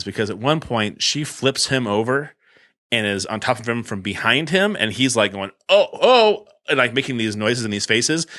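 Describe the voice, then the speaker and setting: A man's voice: mid-range voice, dry recording, studio quality. A middle-aged man, co-hosting a podcast and telling a story animatedly in casual chat. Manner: animated storyteller acting out scenes. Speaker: podcast co-host.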